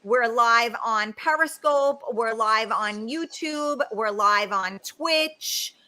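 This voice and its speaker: A woman's voice: fairly high pitch, slow pace, bright, forceful tone. A woman hosting a live talk show over a video call, speaking with a regional American accent. She talks bluntly, swears freely and giggles between lines.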